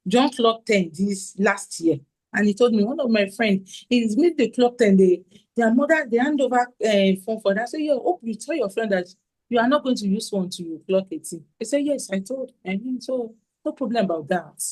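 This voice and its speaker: A woman's voice: medium pitch, normal speed, poor audio. A woman, giving a parenting talk at a conference and asking her listeners questions as she acts out what parents and children say. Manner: animated, acts out quotes, asks audience questions.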